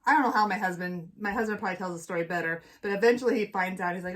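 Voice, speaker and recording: A woman's voice: medium pitch, racing. A middle-aged woman co-hosting a casual chat, telling a story with lots of acted-out voices. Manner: animated storyteller, acts out voices. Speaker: co-host.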